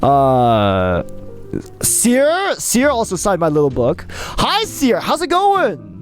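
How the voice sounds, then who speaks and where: A young adult live streamer in casual conversation with chat, voice swinging animatedly up and down. The talk is excitable and chatty, full of quick restarts. Faint music plays in the background. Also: medium pitch.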